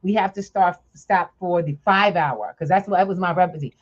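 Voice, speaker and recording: A woman hosting a podcast, telling a story in a lively, chatty way and laughing often. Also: fairly low pitch, fairly quick, dull audio. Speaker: podcast host. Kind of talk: casual chat, storytelling.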